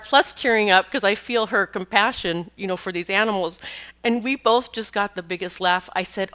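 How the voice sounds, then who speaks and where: This middle-aged podcast host and pet communicator rambles along casually, restarting often and laughing at times mid-story. Her voice sits lowish, with a fairly bright tone and a moderate pace.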